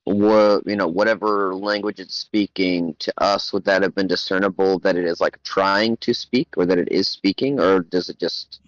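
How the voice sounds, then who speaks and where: A man's voice: deep voice, steady tone, normal speed, few pauses, no echo. A man playing a tabletop game, asking questions in a casual, inquisitive way. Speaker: player. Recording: dry, dull lo-fi mic.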